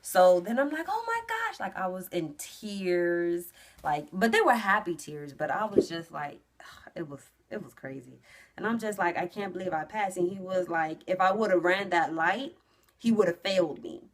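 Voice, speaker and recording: A young woman vlogging to camera, telling a story in a casual, animated way that jumps into loud, high re-enactments and drops to hushed asides. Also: normal speed, a little hiss or hum. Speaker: trucking vlogger.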